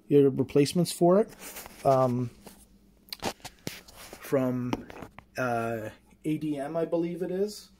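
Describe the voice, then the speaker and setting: With a fairly high, mellow voice, a man gives an unscripted demonstration of his telescope gear, rambling and hesitating with plenty of fillers and restarts as he handles it. The faraway mic catches faint background noise.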